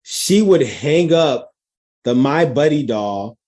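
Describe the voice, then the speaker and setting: A man co-hosting a podcast, telling a story in an expressive, giggly way. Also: mid-range voice, slow pace. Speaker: podcast co-host. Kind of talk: casual chat.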